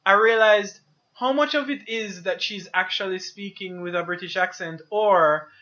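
A Frenchman with a high, bright voice rambles animatedly through a casual movie review chat, laughing as he goes and swearing casually. His French accent comes through, and the lo-fi recording sounds dull. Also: moderate pace.

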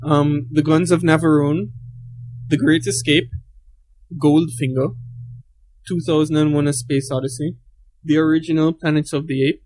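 A man co-hosts a casual movie podcast. His voice sits a little high for a man, and he rambles and stumbles, repeating words as he goes. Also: measured pace, a little mellow. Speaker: podcast co-host. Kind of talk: casual film chat.

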